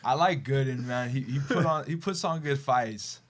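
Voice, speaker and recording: A man's voice: medium pitch, moderate pace. A man co-hosting a casual sports show, laid-back and dropping "man" and "dude" often. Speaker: co-host.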